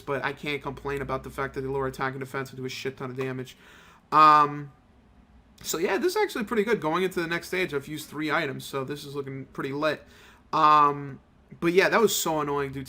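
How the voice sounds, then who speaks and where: Rambling profane young gaming commentator. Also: male voice, fairly high pitch, pushed and bright. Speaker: gaming channel host. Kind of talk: casual let's-play commentary.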